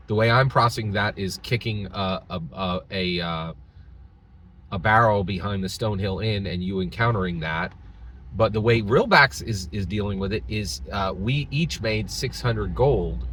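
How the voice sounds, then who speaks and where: A man's voice: fairly low pitch, a bit bright, slight background noise, rough recording. A man hosting his channel, casually retelling a tabletop game session and rambling with many restarts. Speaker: channel host.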